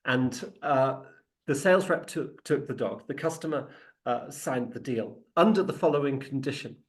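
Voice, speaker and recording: Animated storytelling man with a mid voice. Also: medium pitch, normal speed. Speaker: sales negotiation trainer. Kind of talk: lively anecdote with acted quotes.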